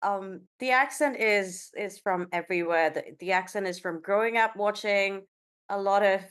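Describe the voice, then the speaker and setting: A woman's voice: medium pitch, normal speed, a bit bright, clean tone. Chatty woman from India, podcast guest. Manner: rambling, chatty, conversational. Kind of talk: casual conversational interview.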